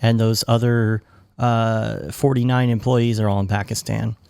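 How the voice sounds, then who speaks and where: A man's voice: fairly low pitch, level tone, a little slow, creaky, a little mellow, clear, resonant tone, no room sound. Dry-miked joking podcast guy. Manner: joking, rambling with restarts. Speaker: podcast co-host. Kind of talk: casual chat.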